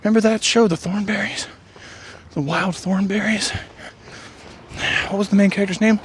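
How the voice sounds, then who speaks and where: A man's voice: high-pitched, fairly even intonation. A man on a run outdoors, musing and joking in a rambling, winded monologue with sighs. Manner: musing, jokey, drawn-out sighs. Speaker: vlogger. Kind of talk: rambling running vlog monologue. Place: outdoor trail in the rain. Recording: faint outdoor rain hiss.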